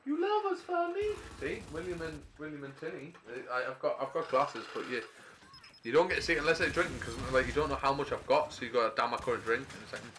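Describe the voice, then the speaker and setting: A man's voice: medium pitch, background noise. Chatty man casting a live match. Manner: rambling, chatty asides between quick play-by-play calls. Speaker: esports caster. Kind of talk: live game commentary with casual chat.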